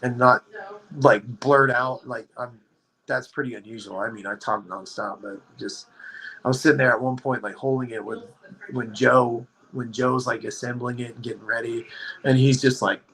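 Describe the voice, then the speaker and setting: A man telling a story on a podcast, in a rambling, animated way, leaning hard on "like.". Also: mid-range voice, normal speed, low-quality recording. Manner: rambling, animated, heavy use of "like". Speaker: podcast guest. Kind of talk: casual storytelling chat.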